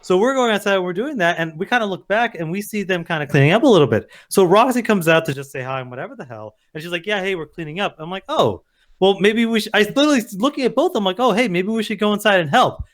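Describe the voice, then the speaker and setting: Young male co-host, swears freely while telling stories, high and swooping. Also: fast talker. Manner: profane, animated storyteller. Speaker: podcast co-host. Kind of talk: casual chat.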